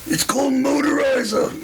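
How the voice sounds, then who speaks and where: A man's voice: extremely high pitch, echoey room, distant mic, voice pushed up, exaggerated voice, rough recording. A man doing an impression of an older rock frontman making a dry joke to a concert crowd.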